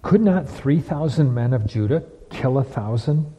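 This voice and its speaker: A man's voice: mid-range voice, expressive, normal speed, warm tone, slightly rough. A man preaching a sermon, full of repeated phrases and rhetorical questions. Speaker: pastor. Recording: dull lo-fi with long hall reverb.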